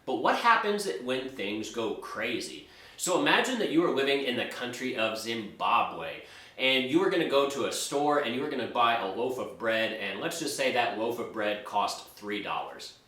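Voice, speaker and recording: A man with a bright, forceful voice talks through money ideas in a relaxed, conversational way. He builds his points from everyday hypothetical examples, like a friendly teacher. The room gives his voice a noticeable echo. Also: mid-range voice, normal speed. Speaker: personal finance YouTube host. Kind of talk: casual explanatory talk. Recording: roomy echo.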